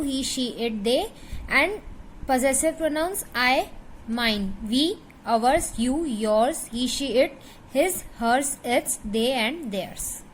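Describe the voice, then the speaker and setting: High-voiced Indian English woman teaching. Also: a little hiss or hum, low-quality recording. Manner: patient, checks understanding with "right?"; drills word lists slowly. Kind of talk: grammar lesson explanation.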